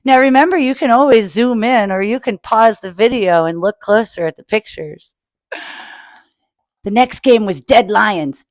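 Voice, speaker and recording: A woman's voice: medium pitch, no room sound. A woman reading a picture book aloud to children and adding her own asides. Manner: slow, adds asides for children.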